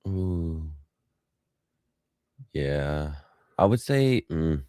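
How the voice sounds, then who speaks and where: Very deep slow gravelly young man. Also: lively intonation, mellow, no room sound, studio quality. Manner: short laid-back replies. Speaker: podcast co-host. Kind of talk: casual podcast chat.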